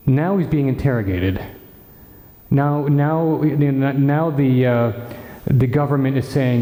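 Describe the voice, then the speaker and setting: A man preaching at a retreat, telling the story in an animated way and acting out the characters' lines himself. His voice is mellow and dark, middle in pitch. It carries through a big hall with a long, echoing reverb. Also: slow. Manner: animated storytelling, acting out dialogue, frequent restarts. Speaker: friar preacher. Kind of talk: retreat talk retelling scripture.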